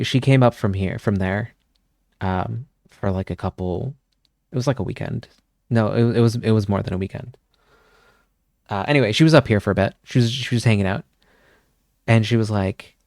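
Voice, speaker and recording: A man's voice: lowish voice, moderate pace, gravelly, long pauses, a little mellow, no echo, studio quality. A man streaming, chatting casually with his viewers, rambling and swearing as he goes. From Canada. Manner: rambling, swears often, chuckles.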